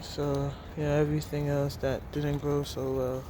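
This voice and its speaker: A man's voice: a little high, monotone, unhurried. A man casually narrating a walk through his home garden, laid-back and rambling, chuckling to himself as he films outdoors. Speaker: gardening vlogger. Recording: outdoor clip with loud traffic noise. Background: loud traffic and street ambience.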